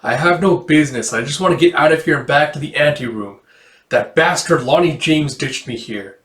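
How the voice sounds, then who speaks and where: A woman's voice: deep voice, moderate pace, reverberant, lightly acted. A man reading as a defiant young superhero woman. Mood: weary. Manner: defiant, taunting.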